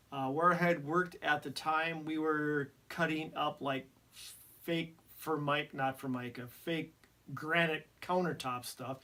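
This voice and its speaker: A man's voice: on the high side, fairly bright tone. A man in his fifties telling a hunting story in casual conversation, laughing often and poking fun at himself. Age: 50s. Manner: laughs often, self-deprecating. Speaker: podcast co-host.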